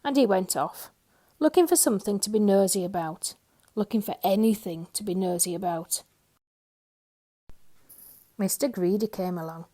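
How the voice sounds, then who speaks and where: A woman storyteller reading a children's picture book aloud, gentle and expressive. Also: medium pitch, normal speed, long pauses.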